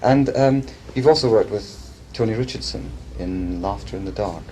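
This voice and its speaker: A man interviewing an actress, asking polite, measured questions. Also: lowish voice, mellow, poor audio. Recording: old interview tape with faint hiss.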